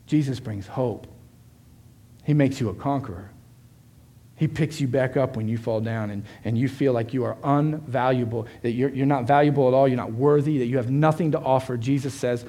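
A man preaches a Christmas morning sermon in a mid-range voice. He builds to forceful, ringing declarations, then draws back to a soft, close tone, and he raises his pitch when acting out quoted speech. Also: normal speed. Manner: swings from loud proclaiming to soft, close confiding. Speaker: pastor.

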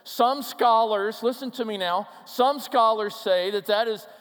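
A Minnesota-male pastor gives a sermon in a large church. His voice sits high and his delivery is slow and deliberate, swinging from emphatic to hushed. A long reverb from the hall trails each phrase. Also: clear, resonant tone. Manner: emphatic, with soft hushed passages.

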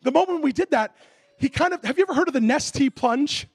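A man preaching a sermon, telling a comic story with animated delivery and shouted sound effects. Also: extremely high pitch, fast, no echo.

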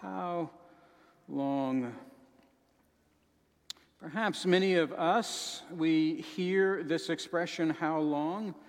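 A man preaching a sermon with dramatic swings, dropping to a soft sorrowful voice and rising to shouts. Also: fairly high pitch, fairly even intonation, drawn-out words, pauses often, big-room sound.

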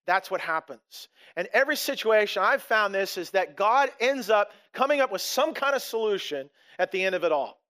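A middle-aged male pastor delivering a sermon in a high, light voice. He talks to the congregation as if chatting, acting out little quotes along the way and restarting his sentences as he goes. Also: animated, normal speed, few pauses, pushed and bright. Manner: conversational, with frequent restarts and acted-out quotes.

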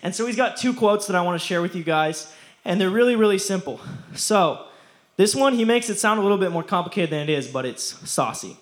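A man's voice: high-pitched, animated, fairly quick. A young man preaching a casual youth sermon, slangy and playful, often laughing as he talks.

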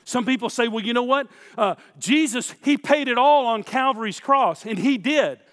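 A man's voice: very high-pitched, moderate pace, fairly bright tone, in a large hall. A man preaching a sermon as pastor, emphatic, with repeated phrases, speaking straight to his listeners.

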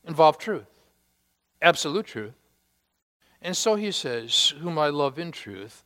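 Male pastor, bright, ringing voice, emphatic sermon delivery with dramatic pauses, big church reverb. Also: high voice. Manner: emphatic, with long pauses and sharp swings from loud to hushed. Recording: hall reverb.

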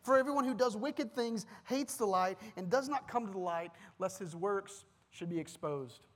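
A man's voice: high-pitched, measured pace, big-room sound. A man preaching a sermon as pastor, emphatic, with repeated phrases and restarts.

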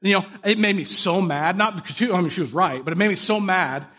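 This preacher speaks fast in a high voice. His sermon feels easygoing and chatty, full of stories poking fun at himself and questions aimed straight at the audience.

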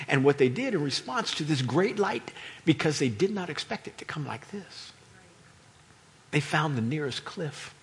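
A man preaching a sermon to a congregation, moving between quiet explanation and loud, emphatic delivery. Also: a little high, very animated, moderate pace, creaky. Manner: dynamic, swings from quiet to loud, acts out crowd voices.

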